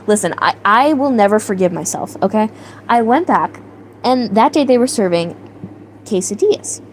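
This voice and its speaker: Animated young woman telling a story to live chat. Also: mid-range voice, moderate pace, a little hiss or hum, rough recording. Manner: animated, exaggerated outrage, laughing, reads chat names aloud. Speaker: livestream host.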